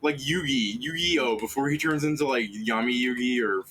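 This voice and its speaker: A man's voice: mid-range voice, normal speed, bright, forceful tone, slight background noise, rough recording. A man running a tabletop game on stream, talking casually in a rambling, profane way. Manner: rambling, profane, full of fillers. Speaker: game master.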